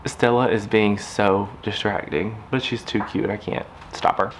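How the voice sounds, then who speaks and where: A man's voice: fairly low pitch, steady tone, unhurried, slight background noise. A man talking casually to camera in a craft vlog, rambling and chatty, turning aside to talk to his puppy. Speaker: craft vlogger. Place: indoors at home.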